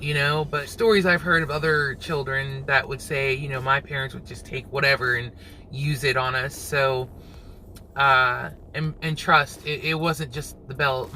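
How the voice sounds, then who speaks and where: A man hosting his own reaction channel, musing aloud in casual commentary and quick to laugh. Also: medium pitch, pushed and bright, a little hiss or hum, low-quality recording.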